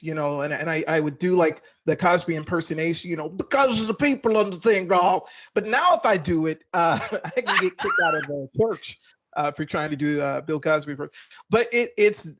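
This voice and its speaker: High-voiced male comedian guest. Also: fairly bright tone, muffled recording. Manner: hesitant, many "uh" fillers. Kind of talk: casual interview chat.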